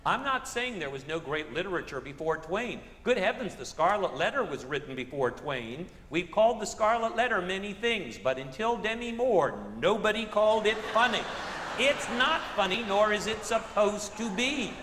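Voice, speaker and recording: A man's voice: sits high, lively intonation, normal speed, roomy sound, long reverb tail, noisy background. A man giving a public literature lecture on a theater stage, asking rhetorical questions and tossing in comic asides.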